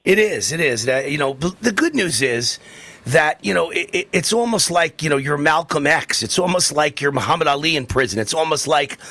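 A man's voice: fairly high pitch, lively intonation, moderate pace, sharp tone, no room sound. A man hosting a political talk radio show, talking in an emphatic, heated way with lots of repetition.

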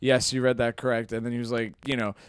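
Smooth-voiced young man, rambling podcast banter. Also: mid-range voice, flat delivery, fast, no room sound, clean studio sound. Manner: jokey, rambling storytelling. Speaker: podcast co-host. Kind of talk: casual comedy podcast chat.

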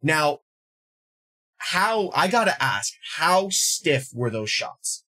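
A man's voice: a little high, big pitch swings, takes it slowly, bright, forceful tone. A male podcast host asking rambling, hesitant questions in a casual interview.

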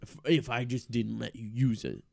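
A man's voice: medium pitch, moderate pace, creaky, no room sound. A man co-hosting a comedy podcast, improvising in a hesitant, passive-aggressive manner. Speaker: podcast co-host. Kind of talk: improvised comedy role-play.

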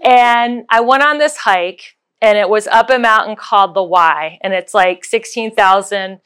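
Woman doing a pep talk, smooth clear voice, acts out what people said. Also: mid-range voice, a little slow. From United States. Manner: animated, acts out voices in her story. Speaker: speaker giving a motivational talk. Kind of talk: motivational storytelling talk.

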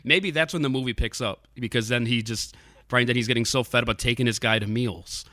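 A man's voice: mid-range voice, a little fast, pushed and bright, no echo. Man, podcast host, laid-back storytelling, dry close sound. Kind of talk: casual chat.

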